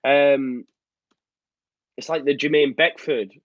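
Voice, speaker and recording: A man's voice: medium pitch, steady tone, moderate pace, no echo. A man hosting a live fan show, chatting casually, reading out viewer comments and rambling with lots of ums. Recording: slightly muffled dry sound.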